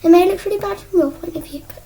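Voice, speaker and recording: A young crafting vlogger with a very high, dark-toned voice races through casual chat while painting a craft at her indoor desk. She rambles, mocks herself, and sometimes drops to a whisper, filmed in low quality on an iPad propped on a stool.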